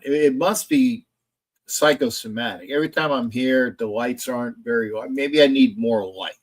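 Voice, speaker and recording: A man's voice: mid-range voice, moderate pace. A man hosting a casual live stream about football, rambling, reading chat messages aloud and arguing back at them from a home setup in front of a camera. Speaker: sports streamer.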